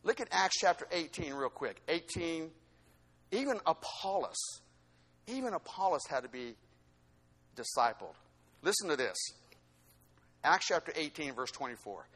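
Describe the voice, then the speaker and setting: Man, high voice, preaching, emphatic, loud then soft. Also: big pitch swings, unhurried, long pauses, husky. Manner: emphatic, swings between loud exhortation and quiet asides. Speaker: pastor. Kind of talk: sermon.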